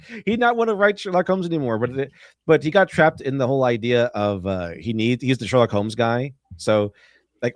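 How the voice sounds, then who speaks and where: A male livestream host with a mid-pitched voice that swings up and down a lot as he talks. He chats playfully and slips into quick mock voices. The sound is dry and close. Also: lively intonation, no room sound. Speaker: stream host. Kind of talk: casual livestream chat, reading donations.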